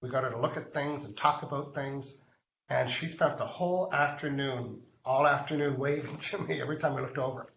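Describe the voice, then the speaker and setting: A man's voice: medium pitch, a little fast, vocal fry, a bit bright, roomy sound, highs cut off. A man hosting a live online show, telling a story in a chatty way and speaking straight to viewers. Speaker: host.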